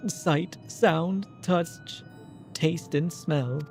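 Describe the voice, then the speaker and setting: A man reading the lines of a solemn, otherworldly ghostly creature in a stately, measured way. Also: on the high side, faint music behind, pitched above the performer's own voice.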